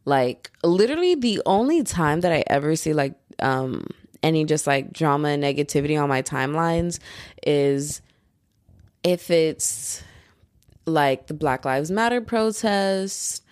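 Low-voiced young woman, rambling podcast chat. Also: lively intonation, a little slow, darkish tone, dry recording, clean studio sound. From United States. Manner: rambling, slangy, chatty, laughs easily. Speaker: podcast host. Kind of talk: casual solo podcast chat.

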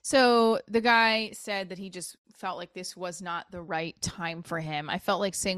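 A woman's voice: medium pitch, unhurried, few pauses, fairly bright tone. A woman of forty hosting her own podcast, talking casually and candidly, swearing freely and jumping from one topic to the next. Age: 40s. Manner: candid, profane, jumps between topics. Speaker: podcast host. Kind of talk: casual solo podcast chat.

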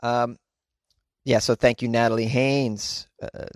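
A chatty, joking male podcast host with a mid-pitched voice, speaking into a home podcast mic. His delivery is loose and full of "uh"s, and the sound is dry and close with no room echo. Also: level tone, slow. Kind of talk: casual solo podcast chat reading listener mail.

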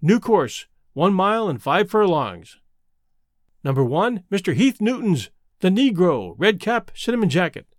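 A man reading a detective story aloud as narrator, measured and expressive. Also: high voice, no echo, clean studio sound. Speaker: audiobook narrator.

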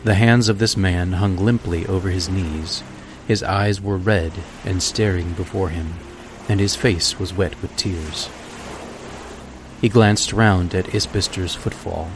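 A man hosting a podcast, reading a classic story aloud in a measured, deliberate way. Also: deep voice, steady tone, background noise. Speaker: podcast host. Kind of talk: scripted narration of a classic story.

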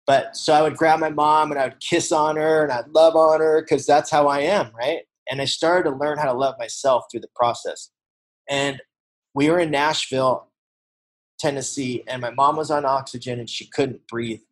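A man in his forties giving a personal recovery testimony, telling a family story earnestly, growing hushed at the tender parts. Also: medium pitch, steady tone, normal speed, low-quality recording. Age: 40s. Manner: earnest, storytelling, shifts to hushed when emotional. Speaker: recovery speaker.

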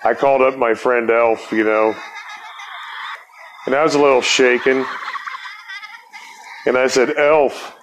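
A man's voice: mid-range voice, level tone, unhurried, long pauses, background noise. A man telling a rambling, profane story as a podcast host, laughing as he talks. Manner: laid-back, profane, laughs through story.

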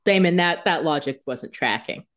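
A woman's voice: low voice, animated. Woman co-host tossing in joking asides. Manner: chimes in with quick joking asides, paraphrasing characters. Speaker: podcast co-host. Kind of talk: casual recap chat.

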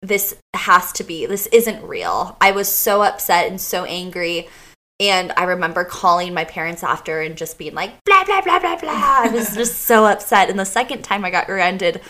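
Female podcast co-host, bright tone, animated and chatty, laughing through her stories. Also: lowish voice, normal speed. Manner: animated storytelling, lots of fillers and laughs. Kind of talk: casual chat.

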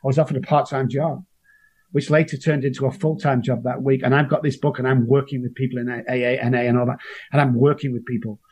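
A man tells his personal story as an interview guest. His voice sits at a middle pitch and has a husky, breathy grain. He speaks earnestly, with emotion running under the words. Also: little pitch movement, fast, a little mellow.

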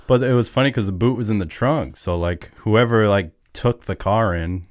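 A man's voice: on the low side, normal speed, no room sound, clean studio sound. A man, co-hosting a podcast, telling stories in an easygoing way. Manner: easygoing storyteller, many fillers like "yeah". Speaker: podcast co-host. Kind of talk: casual chat.

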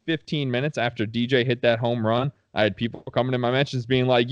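A man co-hosting a casual chat, blunt and quick to swear and laugh. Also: medium pitch, steady tone, smooth, no room sound, dull audio. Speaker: podcast co-host.

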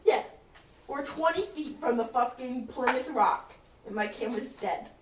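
A woman co-hosting a podcast, chiming in with lively, profane stories. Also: on the high side, normal speed, far from the mic. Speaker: podcast co-host. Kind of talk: casual chat. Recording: roomy, off mic, faint noise.

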